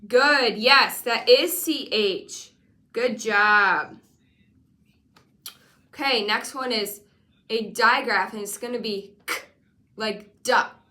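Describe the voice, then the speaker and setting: A woman teaching a one-on-one spelling lesson, patient and encouraging, sounding out letters slowly. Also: a little high, pushed and bright. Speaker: reading teacher.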